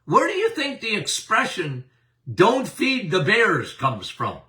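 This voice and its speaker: An older man talks health in a folksy, unhurried way, calling his listeners "folks" and "my friend." His voice is high and very bright, and it swings up and down a lot. He sounds a bit distant from the mic. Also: wildly swooping pitch. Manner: folksy, addresses listeners directly. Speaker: doctor and podcast host. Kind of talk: casual health talk.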